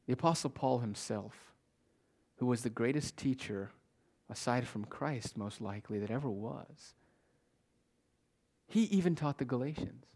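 A man preaching a sermon with passion, repeating phrases for emphasis and swinging between loud declarations and hushed whispers. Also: medium pitch, animated, unhurried, long pauses. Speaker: pastor.

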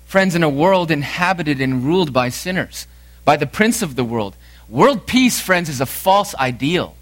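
A man preaching a sermon, emphatic, repeating lines for force, swinging from loud to hushed. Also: fairly high pitch, expressive, normal speed, no room sound. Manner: emphatic preaching with dramatic swings in loudness and repetition. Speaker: pastor.

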